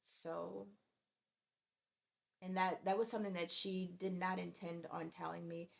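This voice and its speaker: A woman's voice: on the low side, level tone, a little slow, gravelly. A woman in her forties telling a workplace story in a chatty, exasperated way. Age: 40s. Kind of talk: casual storytime vlog.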